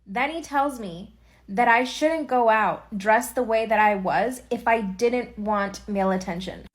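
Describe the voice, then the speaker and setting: Brief: casual woman storyteller, slightly high voice, chatty, acts out quotes. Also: unhurried. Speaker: social media creator. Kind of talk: casual storytime chat to camera. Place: at home, lying on a bed.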